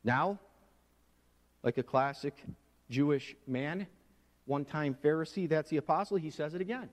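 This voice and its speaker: Man, pastor, sermon, slightly high voice, hushed asides then loud emphatic preaching, long hall reverb. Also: moderate pace.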